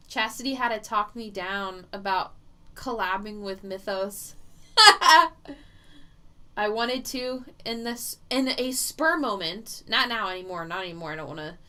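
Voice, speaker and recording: Slow-talking bright-voiced woman medium. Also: on the high side. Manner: chatty and rambling, laughs often. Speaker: psychic medium livestreamer. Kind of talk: casual chat, reading viewer comments aloud.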